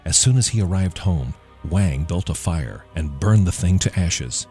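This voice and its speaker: A man reading a folk tale aloud as narrator, in measured, even storytelling. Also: deep voice, faint music behind.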